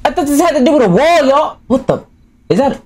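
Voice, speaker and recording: A man's voice: very high voice, big pitch swings, a little fast, a little mellow, a little hiss or hum. A man who is a gaming YouTuber gives jumpy, exclaiming commentary full of casual slang while playing a horror game.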